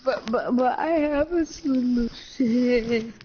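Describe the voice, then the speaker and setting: A woman stammers her way into a roleplay chat, repeating words before she gets them out. Her voice sits a little high, and the lo-fi recording carries a clear hiss. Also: slow. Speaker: roleplay partner.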